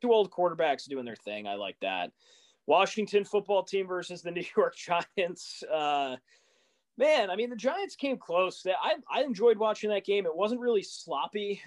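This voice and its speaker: A young man co-hosting a sports podcast in a relaxed, casual chat. He gets worked up in animated rants and fires off rising, exasperated questions. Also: fairly high pitch. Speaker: podcast co-host.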